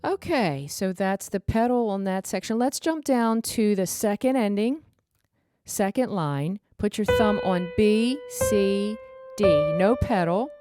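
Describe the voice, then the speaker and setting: Slow-speaking woman piano teacher. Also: medium pitch, animated, warm tone. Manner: counts and calls out pedal cues over her playing. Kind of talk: piano lesson instruction. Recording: piano music under voice. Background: piano playing.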